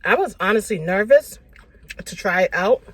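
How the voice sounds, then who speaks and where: A woman food vlogger talking casually and excitedly between bites in an eating vlog, with slangy, chatty speech. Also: mid-range voice, normal speed, a little hiss or hum. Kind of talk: mukbang eating vlog chat.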